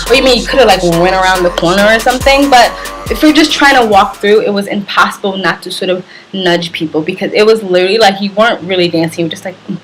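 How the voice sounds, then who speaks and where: A young woman vlogger telling a story in a casual, animated way, full of fillers and little laughs. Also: mid-range voice, low-quality recording. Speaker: travel vlogger.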